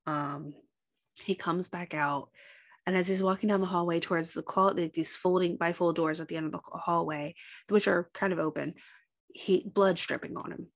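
Woman, podcast co-host, casual recap, slightly low voice, acts out quotes. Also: moderate pace. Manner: animated retelling, acts out quotes.

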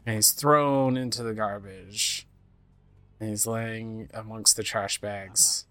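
This male streamer talks slowly in a lowish voice with fairly even intonation and a sharp tone. He casually narrates his let's-play, describing events on screen and now and then reading game lines in put-on voices.

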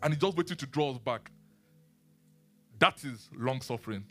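A man preaching a sermon and teaching the Bible, animated, asking his listeners questions and laughing often. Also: medium pitch, normal speed, faint music behind.

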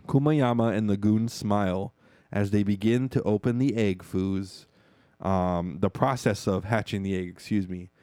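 Profane podcast host recapping a movie. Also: male voice, on the low side, fairly even intonation, warm tone, no echo. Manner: profane, keeps calling listeners "foos", acts out movie dialogue in quick asides. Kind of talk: casual movie recap chat.

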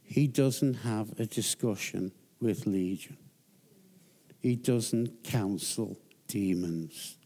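A man's voice: slow, warm tone, breathy edge. A man preaching a sermon as a guest pastor, telling Bible stories emphatically. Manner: storytelling, emphatic, rises in pitch for emphasis.

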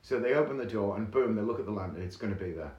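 A man hosting a podcast, telling a story in a chatty, animated way with casual fillers. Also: lowish voice, racing, highs cut off. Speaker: podcast host. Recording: echoey room.

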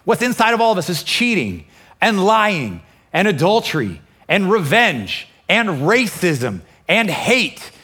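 A pastor preaching a lively sermon, acting out inner voices and quoting scripture with feeling. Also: male voice, high voice, unhurried, slightly rough. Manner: animated, acts out inner voices and quotes. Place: church, also streamed online.

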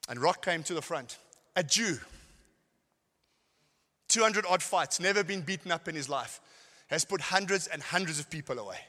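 A middle-aged man preaches to a congregation, his very bright, ringing voice carrying through a large hall with a long echo. He tells stories, then drops into quiet, wry asides between shouted lines. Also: on the high side, animated, normal speed, long pauses. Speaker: pastor. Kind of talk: sermon.

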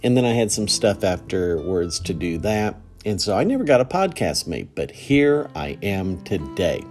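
A middle-aged man, hosting a casual solo podcast in a relaxed, rambling way with many fillers. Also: low voice, normal speed, faint music behind. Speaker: podcast host.

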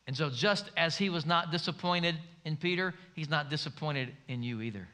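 High, bright-voiced preaching man. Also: moderate pace, few pauses. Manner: emphatic preaching, voice rising and falling for stress. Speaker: pastor. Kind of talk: sermon.

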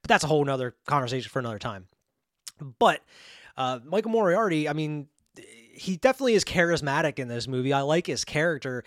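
A man's voice: on the high side, expressive, fast, dry recording, studio quality. A young man giving a casual, rambling film review, full of "you know" and "like" fillers. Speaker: movie reviewer.

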